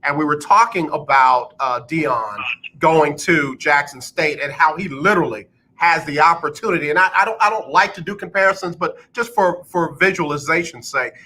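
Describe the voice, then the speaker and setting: A man hosting a radio talk show, chatting casually and emphatically, rising loud when excited. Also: a little high.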